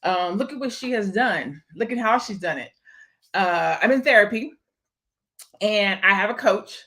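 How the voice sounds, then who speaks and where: A woman's voice: medium pitch, expressive, moderate pace, sharp tone. A young adult woman hosting a casual live stream, talking candidly and emphatically to viewers and greeting them by name. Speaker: live stream host and event promoter.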